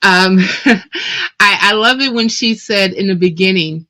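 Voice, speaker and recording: A woman's voice: medium pitch, a little slow, pushed and bright. A woman hosting a podcast interview, chatting casually and animatedly with frequent laughter. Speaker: podcast host.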